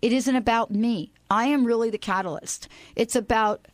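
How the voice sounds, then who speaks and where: A woman hosting an inspirational radio talk show, animated and playful, breaking into bits of song. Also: on the high side, moderate pace, dry recording. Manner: animated, playful, sings snatches of songs.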